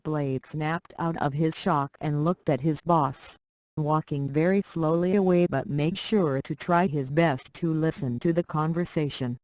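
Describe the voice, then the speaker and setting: A text-to-speech voice narrating a short story. The delivery is slow and flat, and the sound is dry, with no room around it. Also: mid-range voice, no room sound.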